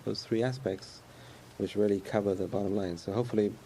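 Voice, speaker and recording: Guy preaching a laid-back sermon, gravelly and mellow, chuckles a lot, faint noise behind. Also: on the low side, steady tone, fairly quick. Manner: conversational, repetitive, chuckles often.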